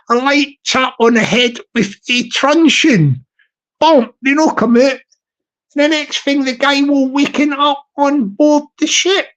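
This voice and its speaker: A man's voice: very high-pitched, fairly bright tone. A man hosting a live stream, chatting in a rambling way with many restarts and tangents. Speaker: livestream host.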